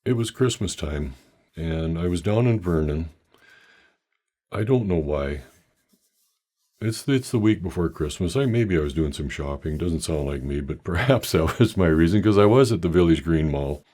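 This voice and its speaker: An older man telling a meandering, self-deprecating personal story with halting restarts. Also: sits low, animated, mellow.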